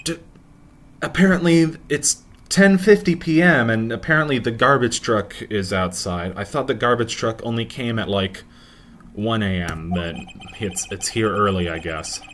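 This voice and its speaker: A man's voice: fairly low pitch, normal speed, a bit bright, a little hiss or hum. A man doing casual, sarcastic let's-play commentary, mocking the game as he reads its lines aloud.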